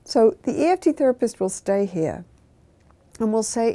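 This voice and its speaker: An older woman, a therapist, calmly explaining her method of couples therapy, now and then acting out short exchanges from a session. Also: on the high side. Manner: measured, acts out therapist and client lines in quotes. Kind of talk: calm explanatory talk.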